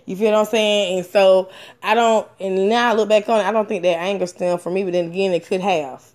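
Frank, profane woman telling her story. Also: a little fast. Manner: frank and profane, with many fillers and restarts; animated, with sudden rises in pitch and loudness. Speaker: storyteller sharing a personal experience. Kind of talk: candid personal storytelling.

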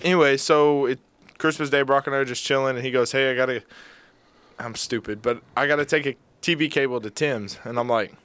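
A young man, a podcast co-host, telling a story in casual chat; animated, acting out quotes and mocking himself. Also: mid-range voice, fairly quick, no echo.

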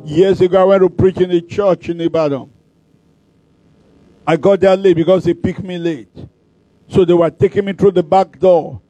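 A Nigerian man preaching a sermon, declaring blessings over the congregation and telling stories in an animated way. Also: high-pitched, normal speed, pauses often, dry recording, dull audio, faint music behind. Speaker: pastor. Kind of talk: sermon with storytelling.

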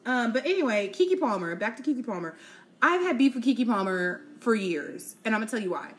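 A young adult woman hosting a casual solo podcast, gossiping in an animated way, laughing often and calling her listeners y'all, sis and honey. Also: a little high, fairly quick. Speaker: podcast host.

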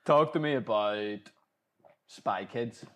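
Laughing podcast host. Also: male voice, fairly low pitch, fairly bright tone. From Northern Ireland. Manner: encouraging, laughs easily, quick follow-ups. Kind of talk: casual pub interview. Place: pub.

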